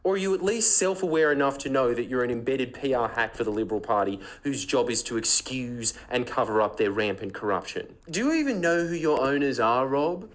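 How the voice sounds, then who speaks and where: A man's voice: mid-range voice, lively intonation, fairly quick, hardly any pauses, rough recording. A man delivering a mocking scripted monologue, firing heated rhetorical questions. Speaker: political comedian.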